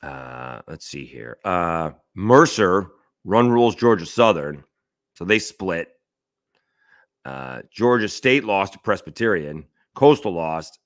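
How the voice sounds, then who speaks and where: A man's voice: a bass voice, fairly bright tone, dry recording, studio quality. A man hosting a solo sports talk show, thinking aloud over stats with fillers, restarts and rhetorical questions. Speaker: sports radio host.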